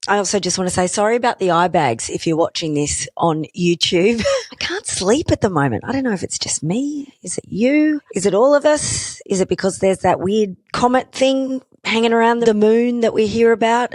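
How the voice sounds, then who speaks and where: A middle-aged woman with an Australian accent chats alone into a studio microphone as a podcast host. Her voice sits fairly low, and the sound is dry and close with no room around it. She talks casually and pokes fun at herself. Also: no echo. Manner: chatty and self-deprecating, joking asides. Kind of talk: solo podcast chat.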